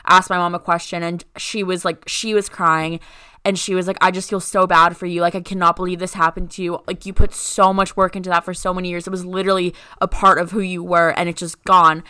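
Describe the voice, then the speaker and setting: A woman's voice: lowish voice, flat delivery, fairly quick, bright, forceful tone, smooth, no room sound, studio quality. A young woman co-hosting a podcast, telling a story in casual chat and filling it with "like". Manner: rambling, heavy use of "like". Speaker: podcast co-host.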